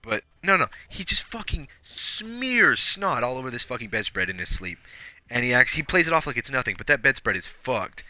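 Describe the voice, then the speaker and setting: Bright-voiced young man, swearing gamer. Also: mid-range voice, big pitch swings, moderate pace, muffled recording. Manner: profane, frustrated, loose storyteller. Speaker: streamer. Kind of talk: rambling story told while gaming.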